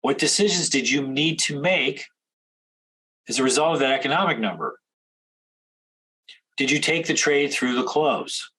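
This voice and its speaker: A man coaching traders in a direct instructional talk, firing off rapid questions. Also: medium pitch, expressive, sharp tone, husky, low-quality recording. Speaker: trading coach.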